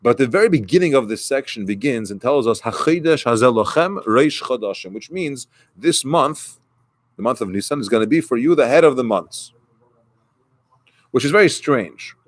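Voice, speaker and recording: A man's voice: mid-range voice, lively intonation, normal speed, no echo. A man who is a rabbi, giving a conversational sermon and retelling a story with quoted dialogue.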